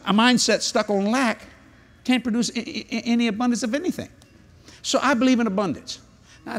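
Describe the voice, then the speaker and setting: An older man preaching a humorous sermon at a convention, telling jokey stories and breaking into sudden high-pitched exclamations. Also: breathy edge. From New Orleans, Louisiana. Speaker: evangelist. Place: large convention hall.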